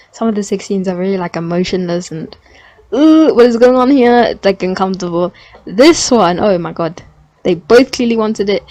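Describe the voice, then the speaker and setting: A young adult woman chatting casually in a review vlog, gushing with bursts of excited emphasis. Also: mid-range voice, dry recording. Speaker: TV series reviewer.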